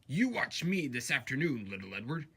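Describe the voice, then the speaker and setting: A big, proud steam engine who boasts loudly and grumbles when things go wrong, as a man puts him on. He speaks a little higher than the reader's own voice, with a lively, husky edge. A storybook engine full of pride and sulking. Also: moderate pace, exaggerated voice. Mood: boastful. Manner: boastful then sulky grumbling.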